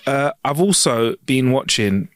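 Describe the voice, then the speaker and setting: A man's voice: mid-range voice, a little slow, no room sound, studio quality. A young man co-hosting a podcast in casual chat, joking sarcastically and telling stories with energy. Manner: jokey, sarcastic, animated storytelling. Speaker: podcast co-host.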